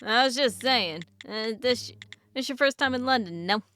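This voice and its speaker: A woman's voice: on the high side, expressive, moderate pace, a bit bright, slight background noise. A woman voicing a chatty, nosy older male taxi driver in a put-on New York accent. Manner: talkative, pushy, folksy.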